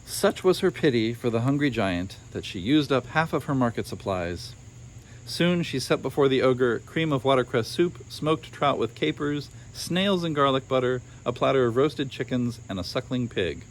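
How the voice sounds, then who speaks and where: A man's voice: mid-range voice, lively intonation, moderate pace, a little hiss or hum. Man reading a storybook with wry asides. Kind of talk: reading a children's story aloud.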